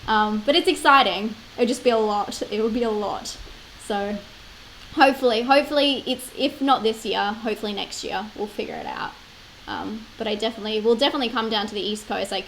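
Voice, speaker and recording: A woman's voice: medium pitch, a bit bright, slight background noise, low-quality recording. A woman in her late twenties with an Australian accent, chatting casually on a live stream, laughing often and filling with "like". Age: 20s. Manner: chatty, laughs often, many likes and fillers.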